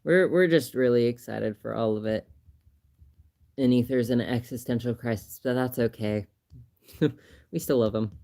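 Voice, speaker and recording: A man's voice: mid-range voice, moderate pace, gravelly, long pauses. Chatty man laughing through a livestream. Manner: chatty, laughs often, animated when retelling stories. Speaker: livestream host. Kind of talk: casual livestream chat.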